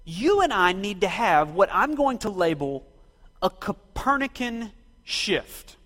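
In a church sanctuary with long hall reverb, a pastor preaches rhetorically, quizzing his congregation and directing what they should do. His high-pitched, somewhat bright voice swings widely in pitch as he takes his time.

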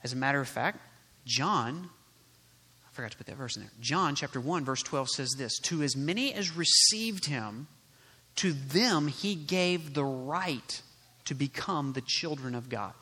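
A man preaching a sermon as pastor, emphatic and full of rhetorical questions, swinging between loud and quiet. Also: medium pitch, expressive, measured pace, husky. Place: church sanctuary. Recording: long hall reverb.

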